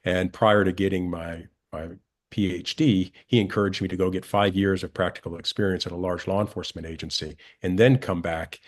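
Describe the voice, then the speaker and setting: A man in his sixties, a retired police lieutenant, answering interview questions in a steady, earnest way. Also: deep voice, fairly quick.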